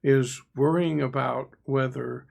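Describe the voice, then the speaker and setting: A man's voice: medium pitch, steady tone, takes it slowly, gravelly, a little mellow. A man co-hosting a casual game review podcast, chatty and musing, often trailing into asides. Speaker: podcast co-host, player. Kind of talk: casual discussion.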